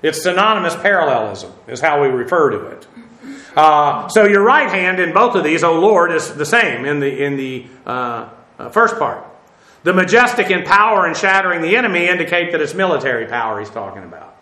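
A man's voice: on the high side, lively intonation, brisk, sharp tone, echoey room. A man teaching a Bible class, lecturing with many fillers and correcting himself as he goes.

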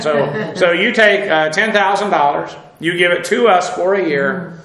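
A man's voice: fairly high pitch, normal speed, bright, forceful tone, roomy sound, low-quality recording. A man preaching a sermon in a conversational way, often asking his listeners questions. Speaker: pastor.

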